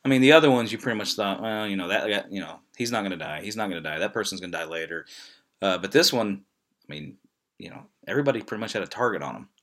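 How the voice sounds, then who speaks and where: Fast-talking lower-voiced man on a podcast. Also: lively intonation, a bit bright. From Indiana. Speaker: podcast co-host. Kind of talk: casual chat.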